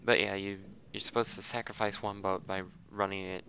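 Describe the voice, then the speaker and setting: A man's voice: fairly low pitch, level tone, fairly quick, vocal fry, sharp tone, a little hiss or hum. A man giving casual, rambling commentary while playing a video game, thinking aloud and poking fun at himself. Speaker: let's play commentator.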